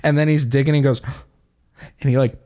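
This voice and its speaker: A man chatting casually about a video game, relaxed and chuckling as he recounts a scene and mimics its characters. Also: mid-range voice, moderate pace. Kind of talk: casual gaming chat.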